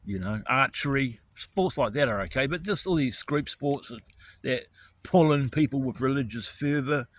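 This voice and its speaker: A man delivers a heated, expletive-laden rant straight to his audience. His voice sits at an ordinary pitch and swings between muttered resignation and flaring anger. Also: normal speed, no room sound. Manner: angry, profane, righteous indignation. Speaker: vlogger. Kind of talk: ranting monologue to camera.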